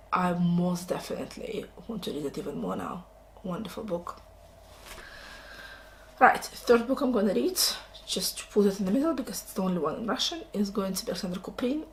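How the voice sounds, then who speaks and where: A woman's voice: mid-range voice, slight background noise. A woman casually chatting about books she has just read, enthusiastic and exclaiming, on a camera mic at home. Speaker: book vlogger. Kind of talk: casual book review chat.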